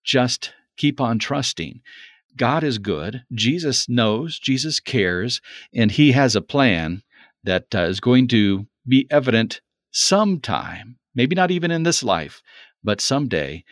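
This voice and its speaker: A man talks through a Bible passage in an earnest, reflective manner. He circles back and repeats key words for emphasis. His voice sits at a middle pitch and sounds dry and close. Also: lively intonation, slow pace, dry recording. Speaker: Bible teacher. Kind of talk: conversational Bible discussion.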